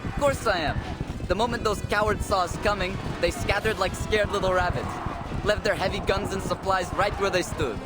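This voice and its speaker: A brash young cavalry soldier , voiced by a man, who is cocky and mocking. His voice sits high, and loud music plays under it. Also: moderate pace, close to an everyday voice.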